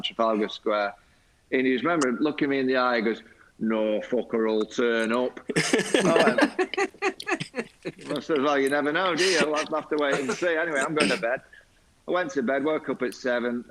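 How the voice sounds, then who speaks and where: A man's voice: on the low side, rough recording. Laughing man telling a story. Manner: lively storyteller, laughs often, mimics teammates. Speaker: former cricket captain guest. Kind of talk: anecdotal storytelling.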